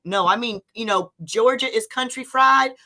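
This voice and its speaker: A woman's voice: on the high side, normal speed. A woman co-hosting a casual podcast chat, telling stories and acting out what others said. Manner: animated storyteller, acts out quotes in other voices. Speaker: podcast co-host.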